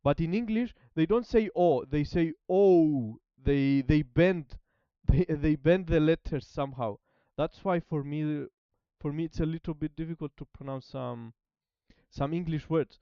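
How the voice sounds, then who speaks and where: A man chatting casually as a language-learning streamer, halting and repeating words while he searches for them. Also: fairly high pitch, clear, resonant tone, dry recording, highs cut off. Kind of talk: casual rambling chat.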